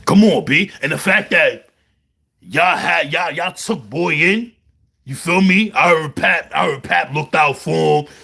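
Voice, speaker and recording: Gravelly Brooklyn man telling street stories. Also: on the high side, measured pace. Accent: New York, Brooklyn. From New York. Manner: animated storytelling, heavy slang, repeats "you heard". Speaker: vlogger. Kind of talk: casual monologue to camera.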